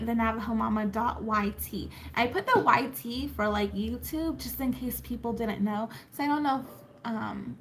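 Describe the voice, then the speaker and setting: A woman's voice: on the high side, slight background noise. A woman vlogger and mother chatting casually to her viewers, reading their comments and rambling with fillers and laughs.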